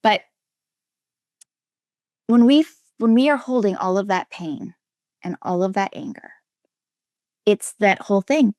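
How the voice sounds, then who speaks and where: A woman from Minnesota, a guest and relationship coach, telling her personal story in an interview. She speaks earnestly and emphatically, restarts often, and drops to a soft near-whisper at heavy moments. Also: medium pitch, animated, unhurried, pauses often, no room sound. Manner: earnest and emphatic, with frequent restarts and quoted inner voices.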